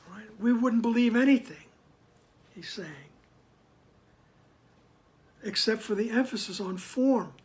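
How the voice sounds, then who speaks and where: A man reading a spiritual text aloud and stopping to explain it, deliberate, sometimes dropping to a soft whisper. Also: high voice. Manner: deliberate, drops to a soft whisper on some phrases. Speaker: spiritual text reader and teacher. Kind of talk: slow devotional reading with commentary.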